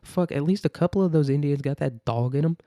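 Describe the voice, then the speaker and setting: A man's voice: fairly high pitch, fast, mellow, no room sound, studio quality. A man hosting a solo podcast, ranting in a profane, sarcastic, rambling way. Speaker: podcast host. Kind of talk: casual solo rant.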